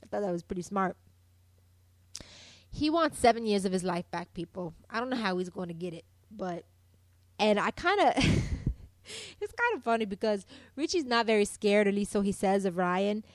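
A woman's voice: mid-range voice, moderate pace, no echo. A young adult woman recapping a soap opera episode in a casual, opinionated, chatty way, often calling out to her listeners. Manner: opinionated, animated, addresses listeners as "people".

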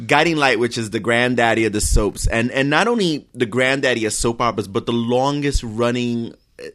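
A man's voice: mid-range voice, brisk, fairly bright tone. Earnest rambling man co-hosting a podcast. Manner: earnest, rambling with repeated words. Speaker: podcast co-host. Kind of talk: casual chat and reading news aloud.

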